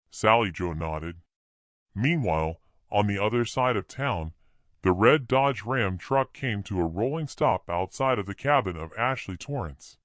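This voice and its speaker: A man narrating a horror audiobook in a plain, steady storytelling voice. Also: fairly low pitch, a little slow, no echo, studio quality.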